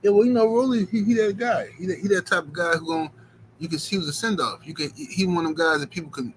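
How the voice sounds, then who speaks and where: Rambling, slangy livestream host. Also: male voice, sits high, quick pace, a little hiss or hum, rough recording. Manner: rambling, slangy, full of "you know what I'm saying". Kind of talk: casual livestream commentary.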